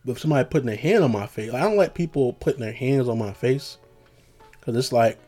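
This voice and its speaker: A young man rambles through a casual monologue, cracking jokes and leaning on slang and filler phrases. His pitch sits in an ordinary middle range, with faint music running underneath. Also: fast talker, warm tone.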